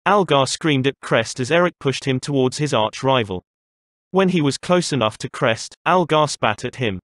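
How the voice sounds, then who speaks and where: A man narrating a fantasy novel in a steady storytelling manner. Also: medium pitch, normal speed, no echo, studio quality. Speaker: audiobook narrator.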